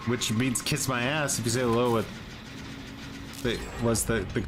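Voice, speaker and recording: A man's voice: mid-range voice, fairly even intonation, normal speed, noisy background. A man chatting casually and teasing while streaming a game live, joking around and trying out playful phrases.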